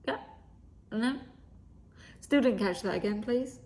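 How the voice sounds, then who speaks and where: Her voice is fairly high and darkish, unhurried and full of pauses. A young vlogger, she recounts a story in a chatty way, swears without holding back, acts out quoted speech, and often drops to a whisper.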